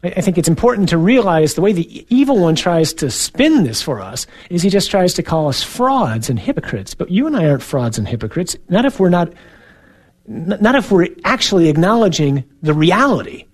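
A male priest giving a sermon in an earnest, conversational way, with soft asides. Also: high voice, very animated, a little fast.

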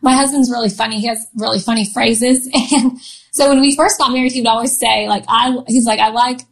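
A woman's voice: a little high, steady tone, a little fast, gravelly, rough recording. A woman in her thirties telling a personal story in a casual interview, chatty, laughing often, with lots of fillers and restarts. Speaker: guest.

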